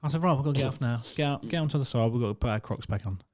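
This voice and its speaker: An English podcast co-host, a young man, tells sweary stories in casual chat, laughing often and doing voices when he quotes people. He talks rapid-fire in a mid-range, slightly mellow voice into a studio mic on an arm.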